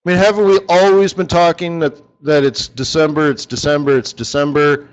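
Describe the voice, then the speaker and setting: A man's voice: a little high, steady tone, a little fast, clean tone, lo-fi sound. A man leading a live forex strategy session, chatty and joking, talking straight to his viewers.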